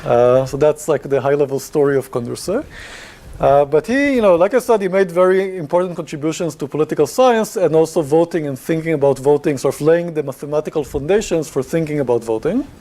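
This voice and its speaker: A man's voice: on the high side, brisk, mellow. A man giving a university lecture, talking to the class in a conversational way with many fillers and questions.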